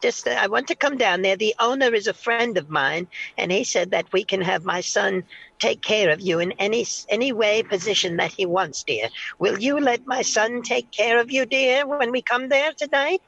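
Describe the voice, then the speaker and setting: Man voicing a creaky old granny who calls everyone dear. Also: high-pitched, moderate pace, sharp tone, dry recording, lo-fi sound, full character voice. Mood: pleading. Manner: sweetly insistent, repeating "dear", crude. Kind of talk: prank call role-play.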